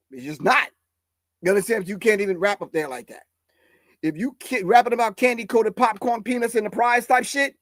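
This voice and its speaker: A man with a raspy voice talking casually and bluntly to a live audience about a beat in his studio, cursing and checking that they follow. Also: high-pitched, no room sound. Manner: blunt, profane, emphatic, keeps asking if you follow. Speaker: hip hop artist and producer.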